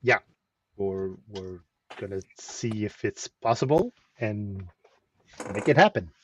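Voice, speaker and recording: A man's voice: fairly low pitch, takes it slowly, slight background noise, rough recording. French Canadian man telling a story. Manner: animated storytelling with repeated restarts. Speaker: host of a weekly chat stream. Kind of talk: casual chat.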